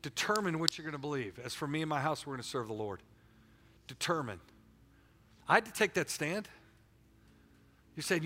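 A middle-aged man preaching a sermon, animated and repetitive, telling stories between points. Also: a little high, normal speed, pauses often.

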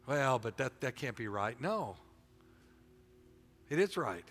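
A middle-aged man preaching a sermon, animated and repetitive, telling stories between points. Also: medium pitch, slow, husky.

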